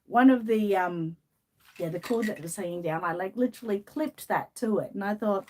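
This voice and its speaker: A woman's voice: mid-range voice, normal speed, a little mellow. A woman from Australia with an Australian accent, hosting a casual live-stream chat, reading out viewer comments and laughing often. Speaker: channel host.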